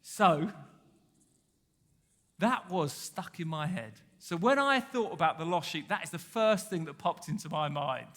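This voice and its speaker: A man's voice: on the high side, expressive, measured pace, a bit bright, long reverb tail. A man giving a sermon in a church, chatty and playful, laughing and singing short snippets. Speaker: pastor.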